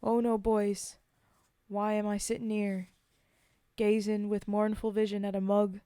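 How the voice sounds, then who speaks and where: A woman's voice: mid-range voice, flat delivery, unhurried, warm tone, smooth, no echo, clean studio sound, close to an everyday voice. A woman reading a poem aloud as a boastful male gambler soldier, in a put-on accent and a theatrical recital manner. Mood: hearty. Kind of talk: dramatic poetry reading.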